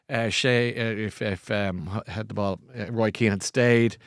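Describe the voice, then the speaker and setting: A man's voice: on the low side, normal speed, a bit bright, clear, resonant tone, no echo. Rambling Irish man, dry studio sound. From Ireland. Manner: rambling, self-mocking, jokey. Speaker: podcast host. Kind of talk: casual chat.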